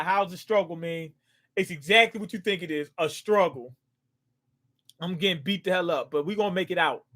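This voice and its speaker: A man hosting a live manga reaction, reading panels aloud with excited outbursts and stumbling over names. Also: high-pitched.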